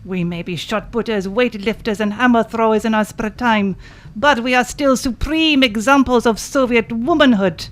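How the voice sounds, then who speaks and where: A proud, brawny Soviet comrade sister, played by a woman in a comic radio play, declaiming with hearty earnestness. Her voice sits a little high. Faint ambient hiss lies under the lines. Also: moderate pace, natural voice.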